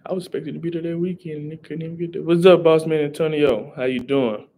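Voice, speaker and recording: A man's voice: fairly high pitch, steady tone, fast, mellow. A young man, rambling casually on a live stream and greeting viewers in chat. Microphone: headset.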